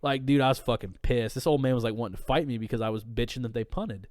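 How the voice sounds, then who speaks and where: Casual dude ranting and cussing, tipsy, mid pitch, dead dry room. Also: male voice, quick pace, a little mellow, no echo. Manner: profane, heated storytelling. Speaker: podcast guest. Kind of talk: casual drunk podcast chat.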